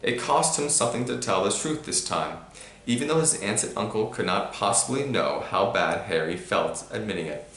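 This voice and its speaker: A man reading a storybook aloud to a child, with animated emphasis. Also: lowish voice, normal speed. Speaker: reader to a child. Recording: roomy echo.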